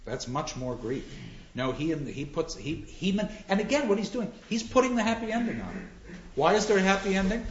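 Animated male lecturer, fairly high voice, restarts often; dull, roomy recording with faint hiss. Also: normal speed. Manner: animated, acts out quotes, frequent restarts. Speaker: lecturer on drama. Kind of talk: lecture with audience questions.

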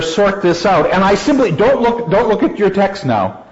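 Animated male teacher, lo-fi lecture recording. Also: high voice, normal speed, noisy background. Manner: animated, laughs often, acts out quoted lines loudly. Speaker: literature teacher. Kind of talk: classroom lecture. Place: classroom. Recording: dull lo-fi classroom recording.

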